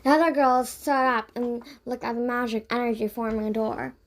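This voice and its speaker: High-voiced woman reading a kids' audiobook. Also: moderate pace. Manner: expressive read-aloud. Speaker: narrator.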